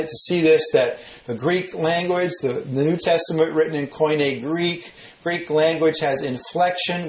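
A man's voice: medium pitch, roomy sound, slight background noise, poor audio. A man teaching verse by verse through a Bible passage, explaining grammar plainly, often restarting phrases and rising when he stresses a point. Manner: explanatory, repeats and restarts phrases, rises in emphasis.

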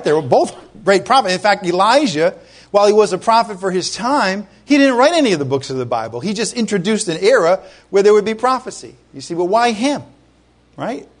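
A middle-aged man from Rhode Island preaching a sermon as a pastor, conversational and animated, with frequent asides to the congregation. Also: high voice.

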